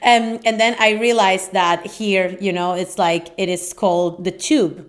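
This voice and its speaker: A woman's voice: medium pitch, steady tone, unhurried. Chatty young woman host, Spanish native, easygoing filler-heavy banter. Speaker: podcast host. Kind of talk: casual chat.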